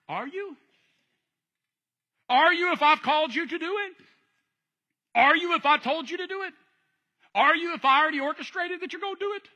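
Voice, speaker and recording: High bright animated male preacher. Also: normal speed, long pauses. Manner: animated, acts out voices, jokes with the congregation. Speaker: pastor. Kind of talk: sermon.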